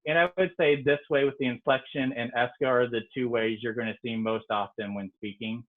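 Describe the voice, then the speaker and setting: Medium in pitch and fairly even in intonation, this man talks fairly quickly in his online French lesson, his voice coming through as tinny video-call audio. He's a native English speaker whose relaxed explanations are sprinkled with frequent ums.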